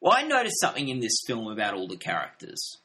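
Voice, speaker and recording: A man co-hosting a film podcast in a loose, rambling way, dropping in lots of filler words. His voice has a bright, forward tone, sitting at a middle pitch. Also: huge pitch swings, fast. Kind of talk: casual film review chat.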